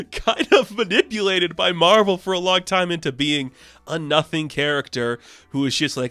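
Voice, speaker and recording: A man's voice: on the high side, dry recording. Chatty man recapping comics, dry close mic. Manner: rambling, heavy use of "like", excitable. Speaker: comic book reviewer.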